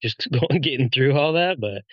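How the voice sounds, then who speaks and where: A man with an ordinary middle-pitched voice talks easily and pokes fun at himself, using "like" a lot. The recording is dry. It is slightly dull and lo-fi. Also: normal speed, no room sound. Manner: relaxed, self-deprecating, lots of "like". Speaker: police officer. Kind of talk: casual podcast chat.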